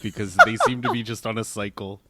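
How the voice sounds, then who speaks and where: A man co-hosting a podcast, giving dry, deadpan asides in casual chat. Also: on the low side, a little fast, crowd noise. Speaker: podcast co-host.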